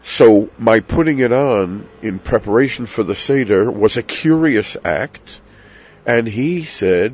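A man's voice: lowish voice, lively intonation, slow, breathy edge. An older man teaching about the Passover Seder, telling family stories with dry self-deprecating humor. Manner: warm storytelling with dry self-deprecating asides. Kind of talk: reflective spoken teaching. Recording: dull lo-fi sound.

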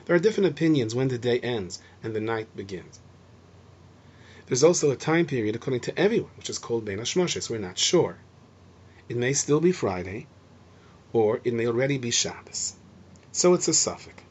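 A man explaining Mishnah to students, lively and acting out the lines he quotes. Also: medium pitch, brisk, husky. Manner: animated, acts out shouting and gentle speech. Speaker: Torah teacher. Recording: dull lo-fi recording.

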